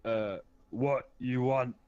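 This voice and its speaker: A man voicing a gruff, scowling tavern keeper who grumbles curt replies, in a tabletop game. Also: mid-range voice, fairly even intonation, slow, darkish tone, dry recording, close to an everyday voice. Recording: dull lo-fi mic.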